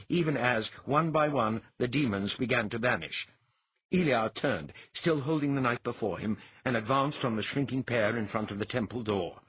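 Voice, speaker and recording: A man narrating a fantasy audiobook in a measured, old-fashioned storytelling manner. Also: medium pitch, breathy edge, no echo. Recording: muffled, narrow phone-like sound.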